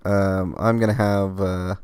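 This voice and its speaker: A man hosts a live podcast in a loose, meandering way, leaning on fillers and fighting off hiccups. His voice sits a little low and sounds smooth and resonant. The recording is dry and close, with no room sound. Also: level tone, measured pace, darkish tone, no room sound. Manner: rambling, filler-heavy, laid-back. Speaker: podcast host. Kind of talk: casual live-stream podcast chat.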